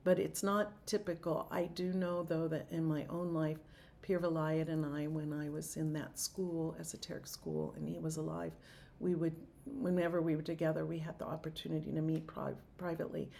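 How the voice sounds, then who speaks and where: A woman teaching as a Sufi teacher and leading a slow, intoned group chanting practice. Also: deep voice, level tone, vocal fry, slight background noise. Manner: slow, soft-spoken, drawn-out intoned chanting.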